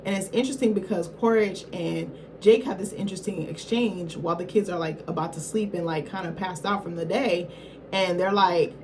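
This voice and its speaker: A woman's voice: on the low side, brisk, darkish tone, slight background noise. Slangy, profane woman recapping a film. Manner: slangy, profane, rambling storytelling; corrects herself mid-thought. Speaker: film reviewer.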